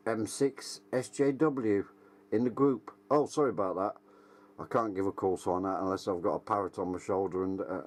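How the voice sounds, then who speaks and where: Chatty man, low voice. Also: a little mellow. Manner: chatty, jokey, self-deprecating. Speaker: radio hobbyist vlogger. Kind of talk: casual chat over radio and to camera.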